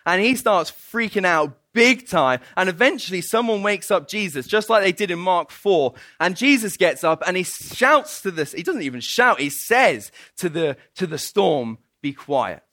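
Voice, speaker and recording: Playful preacher, bright voice. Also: male voice, sits high, normal speed, hardly any pauses, no echo. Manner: animated and playful, often laughing. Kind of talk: sermon with storytelling.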